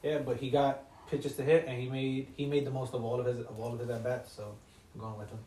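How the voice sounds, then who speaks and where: Halting man in an echoey room. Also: mid-range voice, little pitch movement, mellow. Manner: halting, repeats words. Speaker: podcast panelist. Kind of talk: casual banter. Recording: roomy, distant mic, faint noise.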